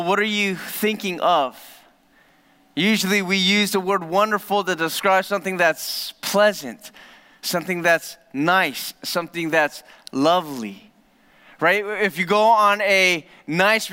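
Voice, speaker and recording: Bright clear-voiced pastor in a big hall. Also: male voice. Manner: dramatic drops to a low soft voice for emphasis. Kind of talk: sermon. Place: church hall. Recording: reverberant church hall.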